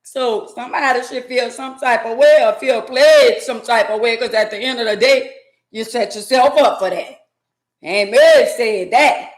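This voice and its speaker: A woman's voice: a little high, normal speed, reverberant. Blunt woman talking back to chat. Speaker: live-stream host. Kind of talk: casual live-stream commentary.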